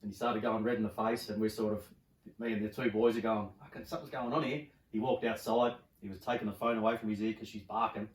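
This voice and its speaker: A middle-aged Australian man, a podcast guest, telling stories in animated, casual chat and swearing freely. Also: on the low side, fast. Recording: roomy, from a distance.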